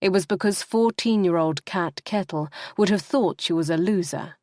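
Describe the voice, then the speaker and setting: This is scripted audiobook narration by a woman whose reading is measured and expressive. Her voice is on the low side, and the dry recording is of studio quality.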